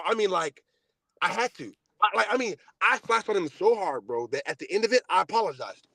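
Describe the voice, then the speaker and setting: Podcast host, male, high voice, dry close sound, profane animated storyteller. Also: brisk, creaky, no room sound. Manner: animated, profane, ranting, acts out both sides of a phone call. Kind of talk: casual chat storytelling.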